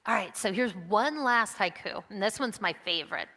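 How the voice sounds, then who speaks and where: A woman's voice: mid-range voice, animated, moderate pace, pushed and bright, big-room sound. A woman leading an interactive children's message during a church service, coaxing and encouraging the kids with lots of questions. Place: church sanctuary.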